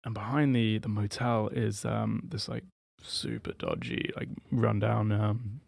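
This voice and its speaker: A man's voice: on the low side, a little slow, creaky, dry recording, studio quality. A young man, a podcast guest animatedly telling a story and acting out what others said. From England. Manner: lively storyteller who acts out what others said. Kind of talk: casual storytelling interview.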